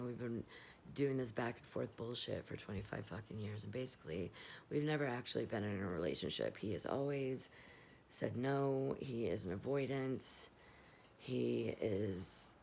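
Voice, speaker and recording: A woman's voice: a bass voice, vocal fry, a little mellow, slight background noise. A middle-aged woman talking candidly and rambling in a confessional vlog, swearing freely while stoned. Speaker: vlogger.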